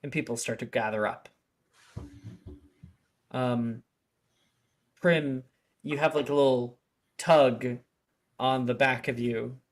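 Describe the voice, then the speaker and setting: A woman's voice: very deep voice, steady tone, slow, pauses often. A woman narrating as game master in casual, giggly style.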